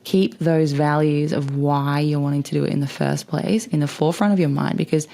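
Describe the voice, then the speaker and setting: A woman's voice: deep voice, fairly even intonation, a little fast, vocal fry, mellow. A young woman hosting a podcast in casual chat, rambling and bubbly, laughing often and swearing freely. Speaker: podcast host.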